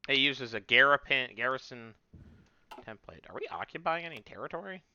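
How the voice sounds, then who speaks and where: Wry, bright-voiced man, fake British accent. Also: medium pitch, expressive, fairly quick, clean tone, muffled recording. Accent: put-on British. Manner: wry, offhand, muttering to himself. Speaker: let's play host. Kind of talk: casual gameplay commentary.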